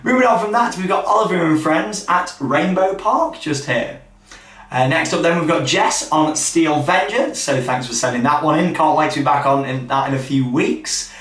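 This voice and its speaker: A man hosts a casual theme park news roundup in an upbeat, chatty way, tossing in quick asides. His voice sits a bit high. He sounds a little away from the mic, in a roomy, echoey hotel room. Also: a bit bright, far from the mic.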